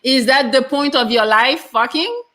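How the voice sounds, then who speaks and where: A woman's voice: high voice, animated, moderate pace, bright, forceful tone. A woman hosting a live talk show, arguing bluntly and frankly and swearing freely. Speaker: show host. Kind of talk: casual debate on a live show.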